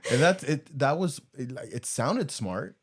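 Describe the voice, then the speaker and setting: A man co-hosting a podcast, chatting casually in a jokey, self-deprecating way with halting restarts. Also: medium pitch, lively intonation, noisy background. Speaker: podcast co-host.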